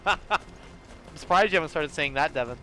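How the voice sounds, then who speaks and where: A man's voice: a little high, expressive, bright, forceful tone, slight background noise. A young man casually commenting on a game as he plays, rambling, swearing freely and laughing often. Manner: profane, rambling, quick to laugh. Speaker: gamer playing through a game.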